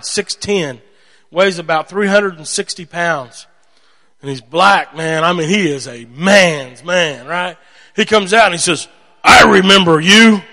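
A man preaches with lively storytelling energy, acting out voices as he goes. His voice sits a little high for a man. The sound carries a long reverb from a large hall. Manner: animated storytelling, acts out voices. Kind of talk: sermon.

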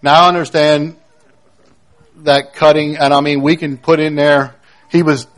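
A man preaching a sermon, emphatic, repeating key phrases and swinging between loud declarations and hushed moments. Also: a little high. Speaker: pastor.

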